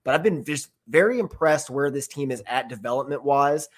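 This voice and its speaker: A young American man, engaged to be married, co-hosting a sports podcast in relaxed, filler-heavy talk. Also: medium pitch, brisk. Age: young adult. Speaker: podcast co-host. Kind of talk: casual sports podcast chat.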